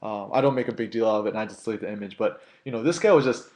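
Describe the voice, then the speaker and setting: A man's voice: fairly low pitch, racing. A young man, a street photography blogger, casually telling a story to his viewers and filling his talk with "you know" and "like". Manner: chatty, filler-heavy, animated when quoting others.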